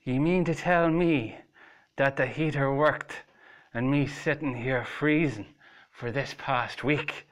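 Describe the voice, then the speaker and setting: A man's voice: medium pitch, slow pace, natural voice. A man voicing a haughty, domineering old woman, scolding her husband in a spooky story. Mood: scornful. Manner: imperious, scolding.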